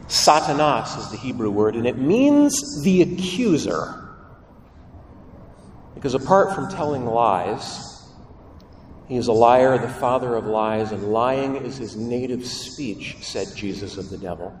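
A man's voice: medium pitch, animated, unhurried, slight background noise. A man, a priest, giving a homily in a church, with a dramatic delivery that acts out the voices he quotes. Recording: roomy church reverb from a distance.

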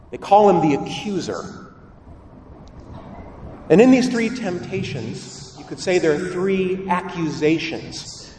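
A man's voice: fairly high pitch, expressive, unhurried, dark tone, a little hiss or hum. A man, a priest, giving a homily in a church, with a dramatic delivery that acts out the voices he quotes. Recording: roomy church reverb from a distance.

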